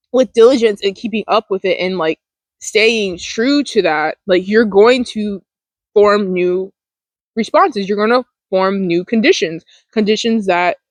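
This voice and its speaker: Woman mindfulness host, casual pep talk, rambling and filler-heavy, mid pitch, dry close sound. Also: dry recording, low-quality recording.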